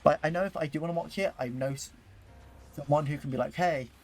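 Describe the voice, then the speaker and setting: A young man casually commenting while playing a game on stream, rambling and excitable, with lots of fillers and restarts. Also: a little high, fast talker, faint music behind.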